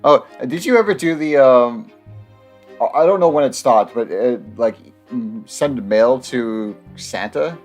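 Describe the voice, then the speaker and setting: Brief: let's play man reading game narration between jokes, medium pitch, faint music under him. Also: animated, measured pace, darkish tone. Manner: reads narration, breaks off into laughter and jokes. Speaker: gamer reading the game text aloud.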